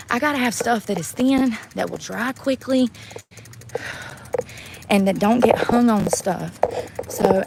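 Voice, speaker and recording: A woman's voice: medium pitch, slight background noise. A woman ranting bluntly in a casual vlog, laughing often, recorded outdoors in the woods. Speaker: vlogger.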